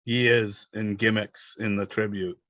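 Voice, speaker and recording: A man interviewing a guest in a low-key, conversational way. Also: level tone, takes it slowly, fairly bright tone, no echo. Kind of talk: casual interview chat.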